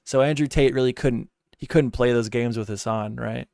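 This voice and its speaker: A man's voice: medium pitch, moderate pace, vocal fry, darkish tone, no room sound, clean studio sound. Blunt, profane young man ranting. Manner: blunt, profane, rambling and opinionated. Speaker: streamer reacting to a podcast clip. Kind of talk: casual reaction commentary.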